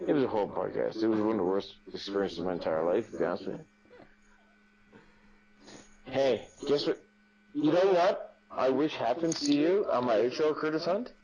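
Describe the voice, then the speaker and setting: A man's voice: medium pitch, muffled recording. A drunk man slurring as he hosts a rowdy casual podcast chat, swearing and laughing at his own jokes. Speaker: podcast host.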